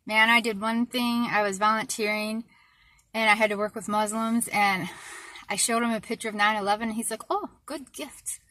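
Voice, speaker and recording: A woman's voice: mid-range voice, little pitch movement, normal speed, pushed and bright, dry recording. A woman from the United States ranting in an indignant, exasperated monologue to her viewers, often repeating herself for emphasis. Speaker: vlogger.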